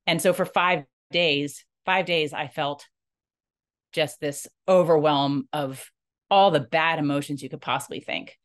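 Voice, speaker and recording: Earnest woman, slightly low voice. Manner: earnest, halting, with frequent restarts; animated, rising and falling in pitch. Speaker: nonprofit leader sharing a personal story. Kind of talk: emotional personal monologue.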